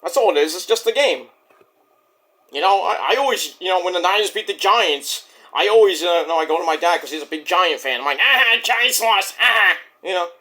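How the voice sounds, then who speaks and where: Man, high-pitched voice, blunt profane rambling rant. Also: brisk, pushed and bright. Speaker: vlog host. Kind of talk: casual ranting monologue.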